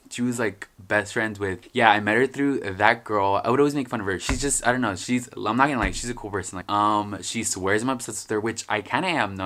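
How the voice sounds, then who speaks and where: A man's voice: mid-range voice, fairly bright tone. A young man telling stories in a casual vlog, rambling, joking and swearing freely. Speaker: vlogger.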